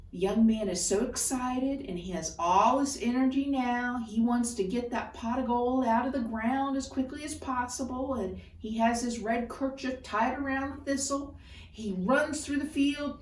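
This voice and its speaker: A woman storyteller telling a folktale in an expressive, deliberate way. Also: high-pitched, distant mic. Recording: roomy echo, voice off-mic.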